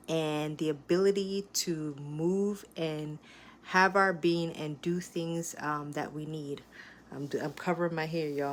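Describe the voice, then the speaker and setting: A woman's voice: low voice, a little hiss or hum. A woman from Jamaica with a Jamaican accent, chatting casually to viewers in a home cooking vlog. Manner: chatty, addresses viewers as "people". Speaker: vlogger. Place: home kitchen.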